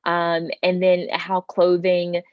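A low-pitched woman in her thirties with a Southern accent talks through her work in a thoughtful, measured way. The audio is dull and completely dry, like a remote call. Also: monotone, no echo. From South Georgia, US. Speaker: guest, wardrobe stylist. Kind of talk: podcast interview.

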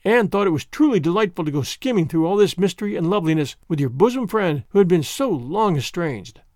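A man reads a story aloud with a lively, expressive delivery, his voice climbing and falling freely. He sits high for a man. The sound is dry and close, with no room around it. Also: a little fast, dry recording. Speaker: narrator. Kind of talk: audiobook narration.

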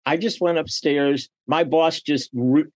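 A fairly high-pitched middle-aged man takes his time as a podcast guest, spinning animated stories and acting out what people said. He's a business leader and coach, and the recording is dry.

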